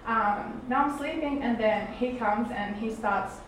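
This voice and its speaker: A woman's voice: a little high, unhurried. A young woman sharing a personal faith testimony, rambling, with many fillers and restarts. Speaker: testimony speaker. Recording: echoey room from far off, faint noise.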